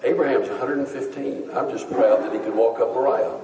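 Man preaching, earnest and measured, echoey room, a bit of background hiss. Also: mid-range voice, fairly even intonation, mellow. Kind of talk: sermon. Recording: echoey hall, voice from far off.

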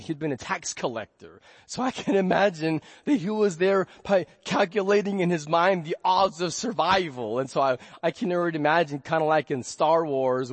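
Male pastor preaching, animated storyteller, higher voice, dry recording. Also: no echo. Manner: drops to a soft hush for scripture. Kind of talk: sermon. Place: church.

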